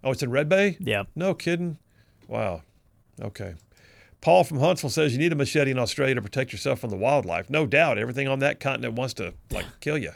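A male talk radio host with a gravelly, creaky voice of middling pitch, recorded dry and close in a studio. He reads listener texts in a loose, conversational way, chuckling between them. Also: expressive, fast, dry recording.

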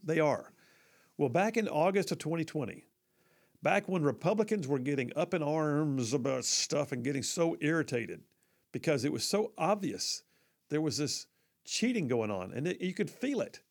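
Man, talk radio host, folksy, emphatic, sarcastic, gravelly voice, slightly high pitch. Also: expressive, normal speed. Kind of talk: conservative talk radio monologue.

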